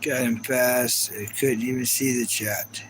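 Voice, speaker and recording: A man hosts a live stream, reading chat and rambling casually with plenty of fillers. His mid-range voice holds a steady tone at a slightly slow pace. The low-quality recording carries a faint hiss or hum.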